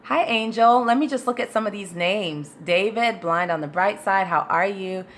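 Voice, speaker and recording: A woman's voice: medium pitch, normal speed. A woman vocal coach chatting loosely and thinking aloud as she answers questions on a live stream into her phone camera.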